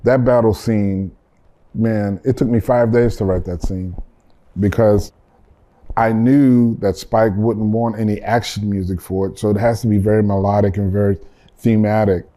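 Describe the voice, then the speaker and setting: Relaxed low-voiced male composer. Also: normal speed. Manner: relaxed, rambling, repeats words. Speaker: film composer guest. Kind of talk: casual interview conversation.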